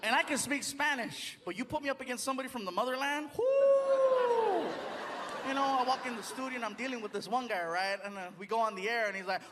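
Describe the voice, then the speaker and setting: A male stand-up comedian telling animated stories to a live theater audience, acting out the people in them. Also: very high-pitched, quick pace, few pauses, long reverb tail. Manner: animated storytelling, acting out characters. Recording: live crowd and room noise. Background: crowd laughter.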